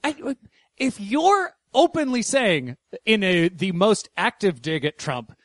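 A man's voice: sits high, very animated, slow pace, a bit bright, no room sound. A man co-hosting a podcast, mocking and swearing in casual commentary. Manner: mocking, profane. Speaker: podcast co-host.

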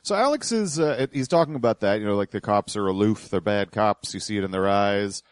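A man's voice: fairly low pitch, animated, fairly quick, dry recording. A man co-hosting a podcast, giving dry, sarcastic commentary. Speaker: podcast co-host. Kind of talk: casual commentary.

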